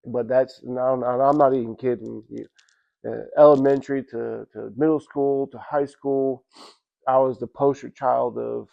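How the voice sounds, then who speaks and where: A man with a gravelly, flat-toned voice shares his personal testimony in a church. He rambles and restarts often, speaking in a loose, everyday way. The recording sounds dull and lo-fi. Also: mid-range voice. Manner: rambling, halting storytelling with many restarts; casual, repeats "you know what I'm saying". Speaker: church member giving testimony.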